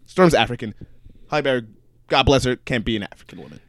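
Animated man co-hosting a podcast. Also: mid-range voice, fast talker, no echo. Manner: animated storytelling, swearing, laughing. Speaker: podcast co-host. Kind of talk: casual chat.

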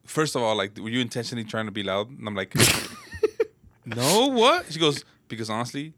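A young man co-hosting a casual podcast, telling a story with animated bursts of acted-out yelling. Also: fairly low pitch, rapid-fire, slight background noise. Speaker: podcast co-host. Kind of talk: casual chat.

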